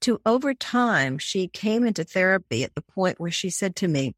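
With a mid-range voice and lively intonation, this woman speaks at a moderate pace, hardly pausing at all. She's a therapist and author being interviewed, recorded dry and at studio quality, and she brings her case stories to life by acting out the people she quotes.

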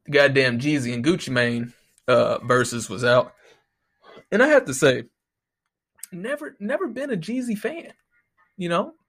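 A man's voice: mid-range voice, a bit bright. A man ranting casually as a podcast host, profane and exasperated, talking close to the microphone and mocking the people he quotes. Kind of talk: casual solo rant.

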